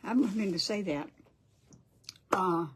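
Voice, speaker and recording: A woman's voice: mid-range voice, unhurried, noisy background. Flustered older woman livestreaming. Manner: flustered, apologetic, chatty, greets viewers by name. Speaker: crafting livestream host. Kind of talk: casual livestream chat.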